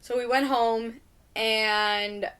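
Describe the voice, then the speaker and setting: A woman's voice: fairly high pitch, fairly even intonation, very slow, a bit bright, clean tone. A young adult woman hosting a podcast in casual chat, ranting animatedly and swearing a lot. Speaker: podcast host.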